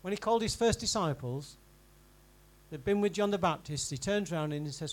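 A man preaching a sermon in a church, in a conversational style that swings from emphatic to quiet and intimate. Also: a little high, lively intonation, fairly quick, poor audio. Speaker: pastor.

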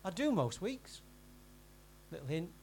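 A man preaching a sermon in a church, in a conversational style that swings from emphatic to quiet and intimate. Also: high-pitched, big pitch swings, a little slow, slight background noise, poor audio. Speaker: pastor.

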